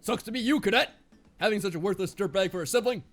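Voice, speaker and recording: A man with an American accent voicing a harsh, bullying male military drill instructor who yells insults. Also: high voice, fast talker, faint music behind, pitched above the performer's own voice. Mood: sneering. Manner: yelling, insulting, barking questions.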